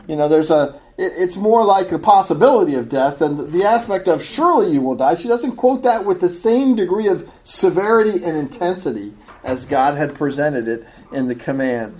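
Give me an earnest woman explaining scripture, with a warm, mellow tone. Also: low-pitched, expressive, normal speed. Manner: earnest, explanatory, reads quotes from commentators. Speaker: Bible teacher. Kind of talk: Bible study teaching.

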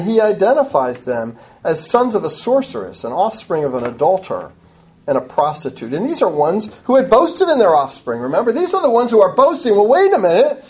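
Animated, mellow-voiced woman preaching. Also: mid-range voice, a little hiss or hum, rough recording. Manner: emphatic, animated preaching with frequent asides. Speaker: Bible teacher. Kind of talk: expository sermon.

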